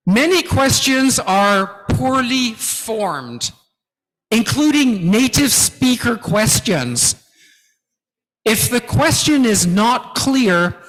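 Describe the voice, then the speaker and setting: A man giving a guest lecture to academics, teaching slowly and emphatically and often checking in with "okay?". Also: high-pitched, fairly bright tone. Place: large lecture hall. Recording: long hall reverb.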